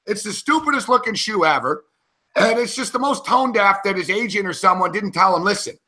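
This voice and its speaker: Bright-voiced ranting male sports host. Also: sits high, animated, brisk. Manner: profane, ranting, worked up. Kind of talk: casual sports betting chat.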